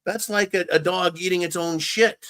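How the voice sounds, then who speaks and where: A man's voice: sits high, steady tone, normal speed, fairly bright tone. Blunt, profane male commentary host. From California, USA. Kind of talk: political commentary, answering viewer questions.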